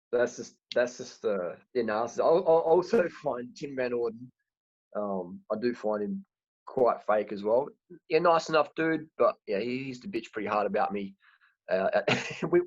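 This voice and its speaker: A man's voice: mid-range voice, no room sound. A man hosting a casual chat, talking frankly and rambling with frequent restarts. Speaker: host. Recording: dry, dull lo-fi sound.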